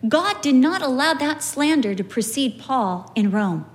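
A middle-aged woman with a high, light voice gives a Bible talk. She keeps it chatty and tells stories with energy, slipping into the voices of the people she describes. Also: unhurried. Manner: animated storytelling, acts out quoted people. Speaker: Bible teacher. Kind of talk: conversational Bible teaching with anecdotes.

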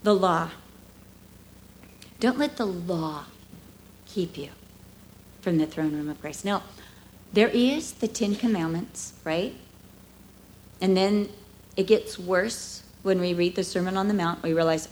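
A middle-aged woman preaching a sermon, expressive, acting out voices and dropping to hushed asides. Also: fairly low pitch, unhurried, long pauses. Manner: expressive, acts out dialogue, drops to hushed asides.

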